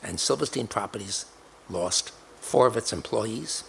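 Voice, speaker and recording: A man's voice: lowish voice, unhurried, creaky, a little hiss or hum. An older man telling a personal story emphatically, acting out the dialogue he quotes.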